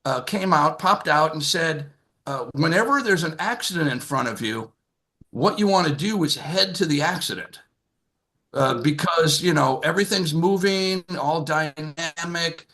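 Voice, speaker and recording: Brief: sixties male comic, bright forceful tone, rambling anecdote style, video call mic. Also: on the high side, lively intonation, unhurried. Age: 60s. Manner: rambling, lots of filler and restarts. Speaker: comedian. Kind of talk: stand-up storytelling on a video call.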